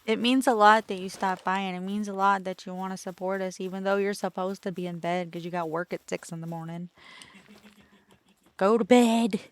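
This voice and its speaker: A woman's voice: mid-range voice, steady tone, moderate pace. A woman streaming as a VTuber, chatting casually and playfully with her viewers in a teasing, talkative way.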